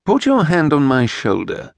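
A man voicing a stern, fussy gentleman who speaks in a dry, clipped, pompous way. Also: on the high side, huge pitch swings, measured pace, vocal fry, dry recording, full character voice. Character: stern, fussy tall gentleman rider, sardonic.

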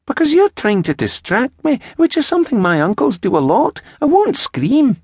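Male reader doing a bold little girl, high and lively, dry booth sound. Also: normal speed, slightly rough, no room sound, full character voice. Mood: eager. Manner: chirpy, questioning. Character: spirited little Scottish girl, curious and bold.

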